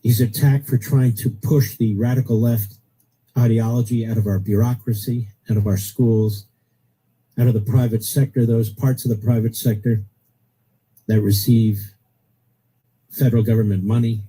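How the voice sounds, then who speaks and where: A man's voice: medium pitch, little pitch movement, normal speed, warm tone, husky, low-quality recording. A middle-aged man hosting a political talk radio show, blunt and opinionated, repeating his points for emphasis.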